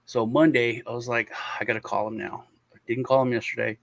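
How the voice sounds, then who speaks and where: A man's voice: medium pitch, little pitch movement, brisk, vocal fry. Rambling man on a video call. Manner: rambling storytelling, full of restarts and sighs. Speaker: show host. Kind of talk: casual chat on a video call.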